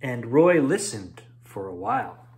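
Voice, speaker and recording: Animated man reading a bedtime story. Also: mid-range voice. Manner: expressive, drawn-out read-aloud.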